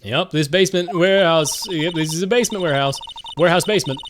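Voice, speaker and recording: A man streaming a game, reading the dialogue aloud and cracking jokes, swearing and yelling now and then. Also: a little high, quick pace, a little hiss or hum. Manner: playful, joking, swears and yells.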